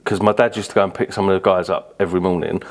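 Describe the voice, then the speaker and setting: Fast-talking low-voiced British man. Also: steady tone. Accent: British English. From Birmingham, England. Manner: rambling anecdotes, frequent fillers and casual swearing. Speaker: podcast guest. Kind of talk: casual interview storytelling.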